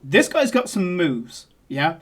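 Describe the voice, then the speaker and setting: A game master narrating a tabletop game in a playful, chatty way. The voice sits at an ordinary middle pitch, and the pace often speeds up mid-scene. Laughter and frequent filler words run through the telling. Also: very animated, slow pace, breathy edge.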